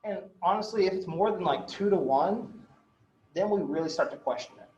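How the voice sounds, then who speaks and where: A man's voice: sits high, animated, normal speed, warm tone. A man giving a casual law lecture, telling stories full of fillers and mild swearing, and often checking in with his students. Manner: chatty, filler-heavy, swears, checks in with "right?". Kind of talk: casual classroom lecture with anecdotes. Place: classroom. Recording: echoey, dull lecture-room recording.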